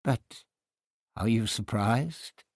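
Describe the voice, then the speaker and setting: A man voicing a calm, measured male priest who speaks quietly. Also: lowish voice, husky, no echo, studio quality, full character voice. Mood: gentle.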